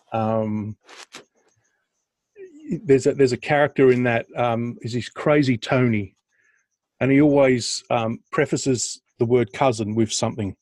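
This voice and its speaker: A man's voice: mid-range voice, darkish tone. A man co-hosting a podcast, chatting casually and telling stories in a rambling, jokey way over a video call. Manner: rambling, jokey, with restarts and bursts of laughter. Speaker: podcast co-host. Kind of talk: casual chat and storytelling.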